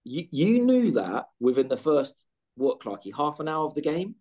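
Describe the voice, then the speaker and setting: Animated swearing man, lively pitch. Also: normal speed. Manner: animated, swearing, restarts a lot. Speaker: podcast co-host. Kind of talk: casual chat.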